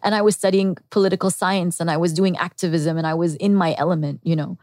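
A woman's voice: lowish voice, steady tone, fast, a little mellow, no echo, clean studio sound. A woman guest on a podcast, earnestly and candidly telling her personal story and acting out her past thoughts. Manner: earnest and reflective, with quoted inner thoughts.

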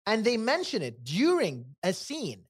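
A man co-hosting a casual film-review podcast, talking in an animated way and pushing his points with rhetorical questions. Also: sits high, measured pace, breathy edge. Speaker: podcast co-host.

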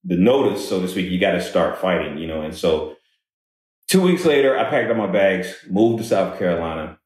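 A man telling a personal story in conversation, halting and repeating words as he goes. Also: sits low, lively intonation, a little mellow. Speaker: guest speaker on workplace diversity. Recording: very echoey room.

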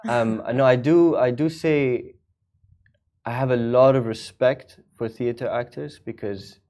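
A man's voice: mid-range voice, steady tone, unhurried, warm tone. A man talking as an actor guest in a casual interview, rambling with restarts and fillers.

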